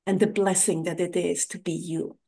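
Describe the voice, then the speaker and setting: A woman's voice: fairly low pitch, steady tone, normal speed, creaky, mellow. A woman hosting a podcast in a casual interview chat, affirming her guest and often tagging "right?". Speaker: podcast host.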